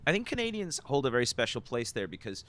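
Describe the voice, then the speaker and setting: A man's voice: mid-range voice, quick pace, no echo. A man who was born in England is a guest comedian, chatting casually on a podcast and slipping into voices as he tells stories. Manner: animated storyteller, jumps into voices.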